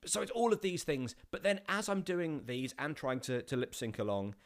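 A man, an actor, telling a casual anecdote with many restarts and animated bursts. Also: on the high side, normal speed. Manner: rambling with many restarts, rising to animated outbursts.

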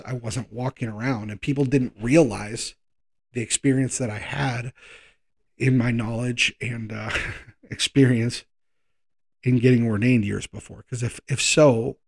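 A man preaches in a relaxed, conversational way. His voice is gravelly and husky, and he sits at a middle pitch. He drags out key words for emphasis and hurries through quick asides. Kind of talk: sermon.

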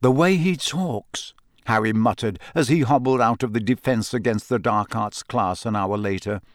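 Steady male audiobook narrator, dry sound. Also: on the low side, normal speed, no echo. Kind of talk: scripted narration.

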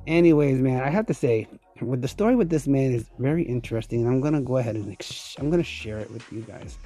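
A man's voice: mid-range voice, expressive, quick pace, mellow. A man hosting his own podcast, telling a story in a rambling, casual way with frequent laughs and swearing. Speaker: podcast host.

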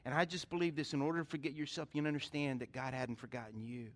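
A man's voice: mid-range voice, steady tone, fast. A middle-aged man preaching a sermon as pastor, telling stories with animation and putting questions to his congregation.

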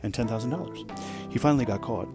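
A man hosting a podcast, telling a rambling, profane workplace story in a casual, animated way. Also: mid-range voice, fast, over music. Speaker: podcast host.

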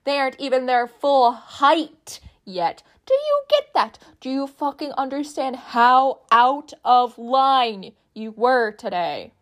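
A furious male teacher tears into a colleague, yelling and swearing in sharp bursts, as a woman reads him aloud. The voice sits a little high and pushes hard. It is a read-aloud fan story. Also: very animated, a little slow.

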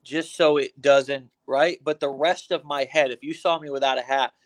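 A man's voice: mid-range voice, moderate pace. A man from the United States hosting an online interview over the phone, upbeat and chatty with lots of fillers and restarts. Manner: energetic, hype opening, many fillers and restarts. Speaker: host.

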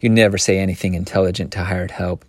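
Man doing a stern farm lady, flat scornful tone, lowish voice, dry. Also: quick pace, no room sound. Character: proud, indignant middle-aged farm woman, stern.

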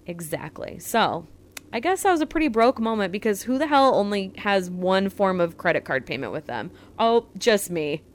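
A woman's voice: medium pitch, very animated, normal speed, a little hiss or hum. A woman in her thirties co-hosting a podcast, telling a story in a chatty, self-mocking way. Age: 30s. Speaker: podcast co-host. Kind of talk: casual podcast chat.

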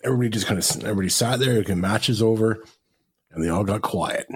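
A podcast co-host with a lowish, breathy voice talks fast as he retells a match in casual conversation. He tells the story with animation, acting out the crowd's reactions.

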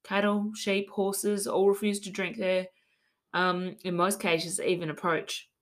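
A woman's voice: mid-range voice, level tone, unhurried. A woman hosting a podcast, telling a spooky local legend in a chatty, giggly way and reading out old quotes with asides. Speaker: podcast host. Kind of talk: casual storytelling chat.

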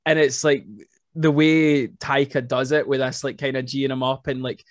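A man hosting a podcast, chatting casually and excitedly about a film, rambling, swearing now and then, and filling his talk with "like". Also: mid-range voice, moderate pace, dry recording, clean studio sound. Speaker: podcast host.

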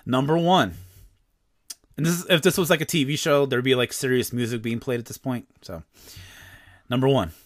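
A man's voice: mid-range voice, quick pace, few pauses, fairly bright tone, no room sound, studio quality. A man hosting a comedy podcast, reading quiz questions in a playful, mock-serious way. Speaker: podcast host.

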